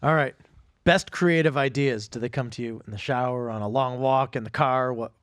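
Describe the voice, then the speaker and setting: A man co-hosting a podcast, running quick-fire segments in an excitable, teasing way. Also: mid-range voice, dry recording, clean studio sound. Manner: excitable, teasing game-runner. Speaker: podcast co-host. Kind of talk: casual chat. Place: podcast studio.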